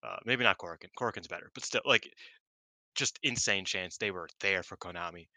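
A man co-hosting a podcast, talking casually and excitedly, often swearing and acting out what others said. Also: sits low, brisk, no echo, low-quality recording. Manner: excitable, swears, acts out quotes. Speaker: podcast co-host. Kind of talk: casual wrestling review chat.

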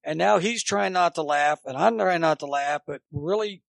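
A gravelly older man with a slightly high voice, a former college baseball coach guesting on a podcast, spins long, animated stories in casual chat. Dry and close with no echo, he talks at normal speed with few pauses, acting out both sides of every exchange.

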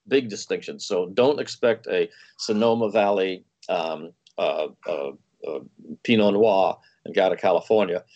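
A man's voice: fairly low pitch, a little mellow. A man, a wine expert guest, explaining through a story and acting out the quoted dialogue himself. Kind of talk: anecdotal explaining. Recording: dull lo-fi sound.

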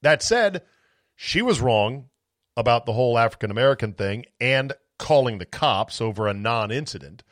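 A man's voice: mid-range voice, lively intonation, moderate pace, no echo, clean studio sound. A man hosting a solo sports talk podcast, ranting bluntly with profanity and sarcasm.

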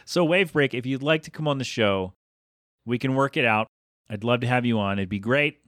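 Guy hosting his own podcast, talks way too fast, trips over his words, super dry sound. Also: mid-range voice, a bit bright, dry recording. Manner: fast, self-interrupting, chatty. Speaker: podcast host. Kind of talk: rambling solo podcast monologue.

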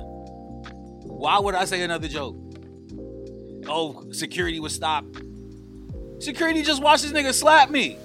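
A man hosting a podcast, ranting in a profane, animated comedic riff before welcoming a guest. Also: high voice. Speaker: podcast host.

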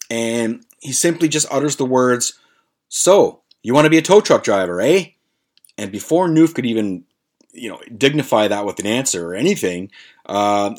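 A man in his forties hosting a podcast, telling a long story in a rambling, profane way with many fillers. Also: mid-range voice. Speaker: podcast host.

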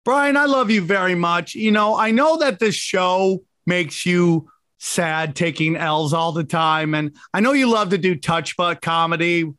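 A man's voice: sits high, unhurried, a bit bright, no echo, clean studio sound. A man co-hosting a podcast, trading crude, teasing banter and laughing at his own jokes. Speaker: podcast co-host.

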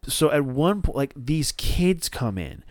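A man's voice: a little high, a little slow, no room sound, clean studio sound. Rambling, profane New man. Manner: rambling, profane, animated retelling with restarts. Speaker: podcast co-host. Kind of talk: casual podcast storytelling.

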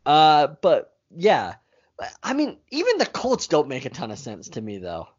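A man's voice: on the high side, huge pitch swings, measured pace, breathy edge, muffled recording. A young man co-hosting a casual sports podcast, easygoing and teasing as he runs through news items. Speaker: podcast co-host.

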